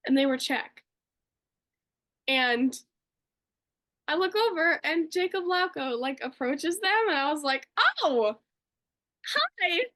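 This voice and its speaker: A woman's voice: high voice, measured pace, long pauses, fairly bright tone. A young woman co-hosting a podcast, telling a story casually and gushing, with lots of fillers. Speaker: podcast co-host.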